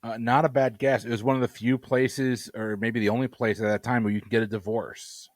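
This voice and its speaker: A man's voice: medium pitch, flat delivery, brisk, no room sound. Dry-witted man reading trivia questions. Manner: dry, teasing. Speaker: trivia quizmaster.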